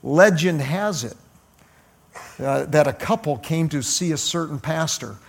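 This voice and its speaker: A male pastor preaching a sermon in a halting way, often pausing and restarting. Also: fairly high pitch, expressive, gravelly, husky. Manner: halting, with frequent uh fillers and restarts.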